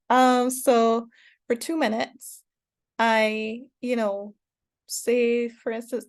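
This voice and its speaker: A woman teaching an online course in a casual, rambling way, with many fillers and restarts and sudden bursts of excited cheering. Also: on the high side. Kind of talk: casual spoken lesson.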